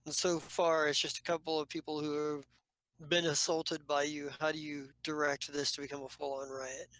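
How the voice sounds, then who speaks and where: A woman's voice: sits low, little pitch movement, normal speed, fairly bright tone, no room sound, rough recording. A woman narrating as game master of a tabletop role-playing game, rambling with many fillers and restarts.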